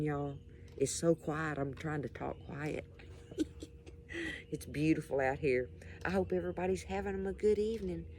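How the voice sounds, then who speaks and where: A woman's voice: low voice, darkish tone, slight background noise. A woman hosting a casual cooking demonstration, chatty and folksy, talking straight to her viewers outdoors at night. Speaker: cooking show host.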